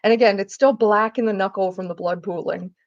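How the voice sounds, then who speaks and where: A woman's voice: medium pitch, fairly even intonation, brisk, muffled recording. A woman chatting casually while she cooks, swearing freely and acting out the people she quotes. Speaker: vlogger. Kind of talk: casual storytelling while cooking. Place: home kitchen.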